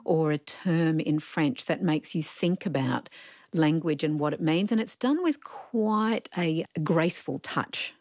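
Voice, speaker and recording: A woman co-hosts a radio book discussion, articulate with a wry, enthusiastic edge. Her voice is very low and husky, and the studio sound is dry. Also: lively intonation, unhurried, a little mellow, no echo. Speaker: radio co-host.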